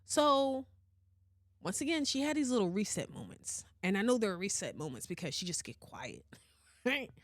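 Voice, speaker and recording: A woman hosting a podcast, telling a story in casual chat, animated and often laughing and swearing. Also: mid-range voice, moderate pace, dry recording, clean studio sound. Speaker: podcast host.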